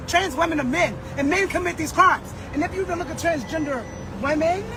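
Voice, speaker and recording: A hoarse woman, a singer, ranting emphatically and profanely, often shouting. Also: extremely high pitch, a little fast, crowd noise, noisy background. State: hoarse, losing her voice. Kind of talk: social media rant.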